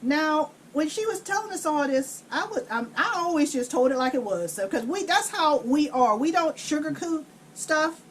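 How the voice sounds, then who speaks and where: Woman, high voice, blunt, swears freely, casual storytelling, home kitchen. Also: normal speed, few pauses, a little hiss or hum. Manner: blunt, profane, animated storytelling. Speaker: co-host telling stories while cooking.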